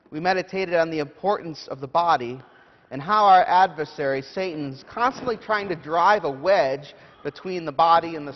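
A pastor delivering a sermon, telling a story in a measured, prayerful way. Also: male voice, fairly high pitch. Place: church sanctuary. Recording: dull echoey church hall.

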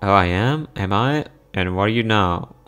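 A man's voice: on the low side, lively intonation, moderate pace, fairly bright tone, clear, resonant tone, faint music behind. A man doing a teasing, playful mother. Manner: teasing, amused.

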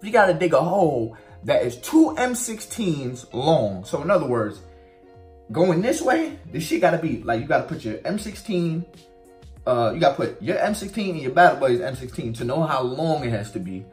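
Animated man telling a profane story. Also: normal speed, faint music behind. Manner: animated, profane, swings pitch widely for emphasis. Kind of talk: casual storytime.

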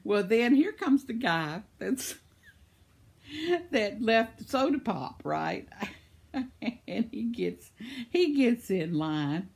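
Speaking slowly with long pauses, an older vlogger from the United States tells a rambling, everyday story and laughs frequently as she goes. Her voice is a little high and sing-song, with a darkish, husky tone.

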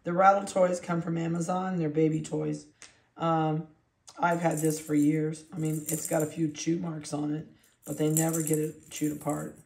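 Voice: mid-range voice, flat delivery, moderate pace, gravelly, darkish tone. A dog breeder chatting casually while handling puppies and cooing at them in baby talk. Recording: roomy echo.

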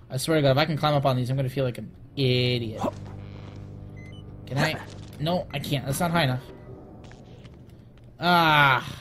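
A man's voice: medium pitch, moderate pace, pauses often, fairly bright tone. A man hosting a let's play of a horror game, talking to himself in a jittery way and yelping and shrieking when scared.

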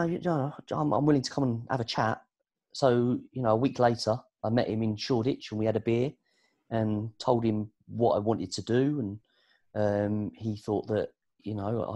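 A British man with a low voice tells stories as a guest on a podcast, where he works as a sports producer and presenter. The casual conversational interview finds him chatty and animated, using frequent fillers.

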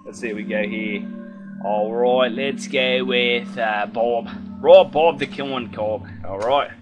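A man's voice: medium pitch, takes it slowly, music in the background. A man giving crude, joking commentary while playing a video game, mumbling asides. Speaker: game let's player. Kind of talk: casual gameplay commentary.

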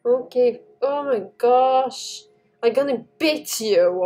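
A woman giving casual gameplay commentary to her viewers in non-native English phrasing, shouting at jumps. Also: fairly high pitch, slow, soft background music. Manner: excitable, talks to the viewers while playing, shouts at jumps. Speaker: gaming YouTuber.

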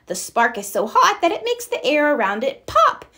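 A woman's voice: high voice, huge pitch swings, normal speed, pushed and bright, pitched above the performer's own voice, exaggerated voice. A woman voicing a sensible, know-it-all young beaver in a storybook read-aloud. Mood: matter-of-fact.

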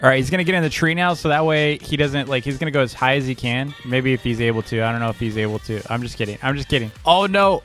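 A man giving casual, excitable gameplay commentary as a gaming video host, laughing often and breaking into sudden outbursts. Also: medium pitch, quick pace, hardly any pauses, soft background music. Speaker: gaming YouTuber.

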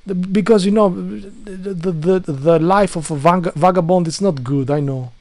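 A vlogger with a high-pitched, slightly mellow voice rants to camera at a moderate pace about his housemate. English isn't his first language; fed up, he swears often and keeps restarting sentences in a loose, unscripted, video-diary style.

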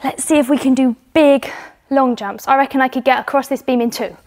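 Upbeat high-voiced woman coaching kids. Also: steady tone, a little fast, darkish tone. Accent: British. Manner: encouraging, upbeat, breathy while exercising. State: out of breath. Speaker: children's gymnastics coach. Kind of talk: demonstrating exercises to children. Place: home indoors.

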